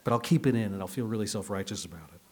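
A man preaching a conversational sermon as a pastor, earnest, moving between hushed, slow passages and emphatic, raised ones. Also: lowish voice, breathy edge.

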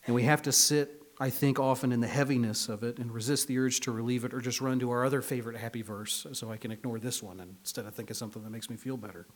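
A man preaching a conversational sermon as a pastor, earnest, moving between hushed, slow passages and emphatic, raised ones. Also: medium pitch, steady tone.

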